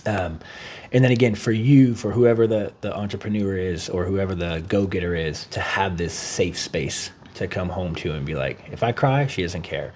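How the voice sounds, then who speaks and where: A man co-hosting a podcast, chatting casually, swearing freely and acting out quotes in an animated way. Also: low-pitched, moderate pace, slight background noise. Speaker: podcast co-host.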